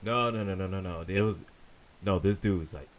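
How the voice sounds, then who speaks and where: A man co-hosting a casual talk show, telling a story in an animated, repetitive way. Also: sits low, fairly quick. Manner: animated, repeats himself, lively storyteller. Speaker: podcast co-host.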